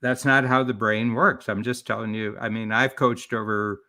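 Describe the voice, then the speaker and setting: A man's voice: on the low side, flat delivery, moderate pace, sharp tone. A man talking as a business coach and author in a live-streamed interview, explaining his ideas in a rambling way with many restarts.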